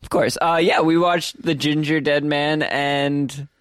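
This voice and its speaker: A man co-hosting a casual comedy podcast, joking in a dry, deadpan way. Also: a little high, measured pace, clean tone, no room sound. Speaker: podcast co-host.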